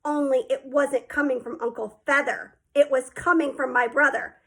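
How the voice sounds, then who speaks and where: A woman narrating a children's book aloud in lively first person. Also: high-pitched, moderate pace, vocal fry. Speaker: audiobook reader. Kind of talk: storybook narration.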